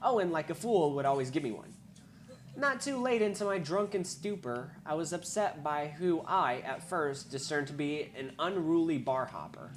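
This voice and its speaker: A woman reading a visual novel aloud, wry, with asides and quick self-corrections. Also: deep voice, lively intonation, faint music behind. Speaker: game reader.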